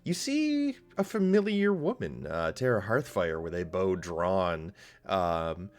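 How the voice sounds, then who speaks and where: A man narrating as game master of a tabletop game, halting, with many pauses and fillers. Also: deep voice, sing-song.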